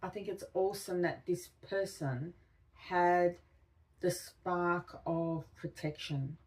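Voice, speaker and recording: A woman co-hosting a podcast, reflecting slowly and thoughtfully in casual conversation. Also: lowish voice, steady tone, a little mellow, distant mic. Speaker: podcast co-host.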